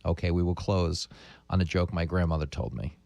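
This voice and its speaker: A man's voice: sits low, steady tone, a little fast, creaky, darkish tone, no echo. A man hosting a radio talk show, chatting casually and telling a joke with lots of laughter. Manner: jokey, laughs often, tells jokes with put-on voices. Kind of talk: casual chat.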